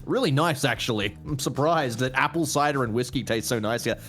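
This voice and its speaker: A man's voice: mid-range voice, fairly quick, a bit bright, soft background music. A young man chatting casually as a guest with a sore throat, rambling, swearing freely and laughing often. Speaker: streamer and guest. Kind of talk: casual chat while drinking.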